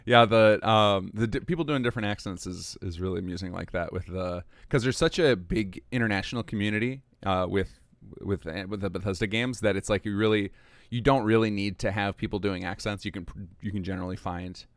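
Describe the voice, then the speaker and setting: A man hosting a podcast, chatting casually with his guest, laughing easily and filling pauses with ums and uhs. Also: fairly low pitch, no room sound. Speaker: podcast host.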